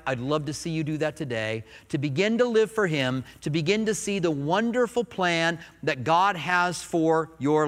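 Male pastor, sermon delivery, high bright voice, animated with joking asides, big reverberant church hall. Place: church sanctuary.

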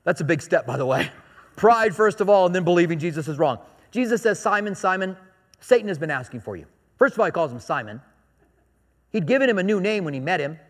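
A man with a high voice preaching a sermon, his words ringing with long reverb through a big church hall. He keeps it conversational and joking, repeating his key points for emphasis. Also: expressive, quick pace. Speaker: pastor.

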